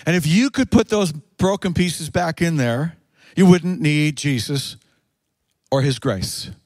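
A man preaching a sermon in a fairly high voice. He speeds through some phrases, drags others out slowly, and now and then bursts into a shout. The sound is dry and close, with no room echo. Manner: preaching with sudden shouted rises and drawn-out slow phrases. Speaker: pastor.

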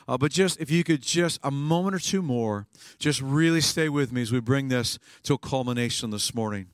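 A male pastor preaching a sermon, swinging between hushed lines and emphatic bursts. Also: a little high, smooth, no room sound, clean studio sound.

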